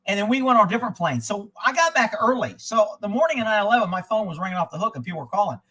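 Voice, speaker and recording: A man's voice: sits high, expressive, very fast, bright, forceful tone, husky, poor audio. A man hosting a live stream, telling stories in a casual, rambling way, blunt and profane, digressing as he goes. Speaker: host of a live news and chat stream; former child abduction investigator.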